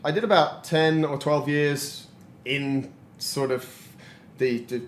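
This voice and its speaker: A man's voice: fairly high pitch, fairly even intonation, slow pace, a little hiss or hum. A man in his forties, a podcast guest, telling stories in a reflective way and laughing often. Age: 40s. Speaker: interview guest. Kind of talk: casual interview chat. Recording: roomy echo.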